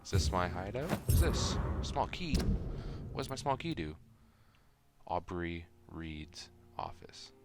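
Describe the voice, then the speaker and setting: A man's voice: low-pitched, very animated, measured pace, heavy background noise. A man streaming a video game, muttering to himself and cracking wry asides at the characters. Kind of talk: gaming livestream commentary. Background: loud game music.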